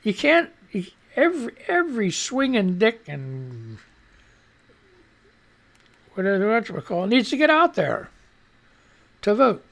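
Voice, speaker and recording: A man's voice: high-pitched, wildly swooping pitch, a little slow, gravelly, pauses often, a bit bright. A man hosting a live radio stream, rambling through casual news commentary with frequent swearing, restarts and stumbles over his words. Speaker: radio show host.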